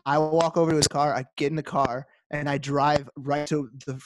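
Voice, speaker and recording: A man's voice: fairly high pitch, level tone, moderate pace, slight background noise. A man co-hosting a podcast, telling a story in a casual way and acting out quoted dialogue with animation. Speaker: podcast co-host.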